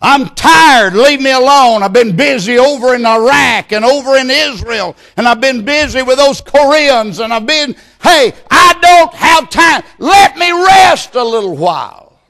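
A preacher playing an exasperated, shouting God. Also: male voice, expressive, a little slow, heavily acted. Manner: high-pitched, shouting, exasperated. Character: weary, irritable God brushing off a prayer.

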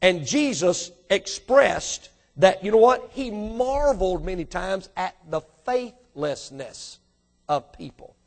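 A man with a high voice, preaching a sermon with emphatic, rising delivery. He speaks straight to his congregation, pressing them with questions. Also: very animated, takes it slowly. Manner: addresses congregation directly with questions. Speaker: pastor.

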